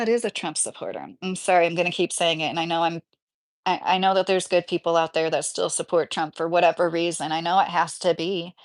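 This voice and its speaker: A woman livestreamer reading out chat comments and answering them in a heated, casual way. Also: on the low side.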